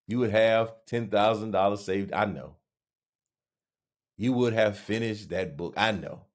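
A man hosts a solo podcast. He muses slowly and pokes fun at himself, then swells into sudden emphatic encouragement. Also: on the low side. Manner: musing, self-deprecating, joking asides; slow, drawn-out phrasing with sudden emphatic rises. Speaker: podcast host. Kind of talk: reflective solo monologue.

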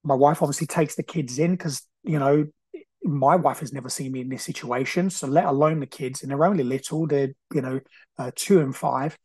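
Husky man telling his story. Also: mid-range voice, a little fast, darkish tone, dry recording. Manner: earnest, repeats himself, frequent restarts. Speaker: podcast host. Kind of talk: personal storytelling monologue.

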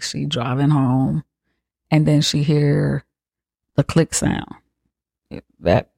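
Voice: mid-range voice, creaky, a little mellow, no room sound, studio quality. A podcast host giving a rambling, profane comedic recap of a horror film, full of fillers like "like" and "you know.".

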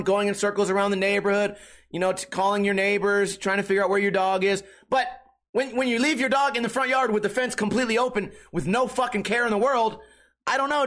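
A man's voice: high voice, a bit bright. A young man hosting a podcast, telling a story in a profane, exasperated rant. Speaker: podcast host. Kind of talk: casual podcast monologue.

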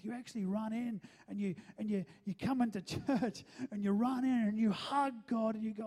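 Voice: medium pitch, normal speed, hardly any pauses, mellow, husky. A pastor preaching a sermon, stressing each point and often asking the listeners if they are following. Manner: keeps checking in with the listeners, emphatic.

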